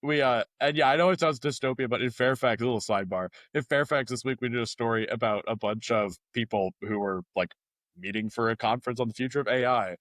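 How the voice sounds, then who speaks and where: A man co-hosting a local news podcast in a relaxed, joking way, slipping into quick silly voices. His voice sits in a middle register. The sound is dry and close. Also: medium pitch, no room sound. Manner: joking, animated voice impressions. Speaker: podcast co-host, journalist. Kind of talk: casual news chat.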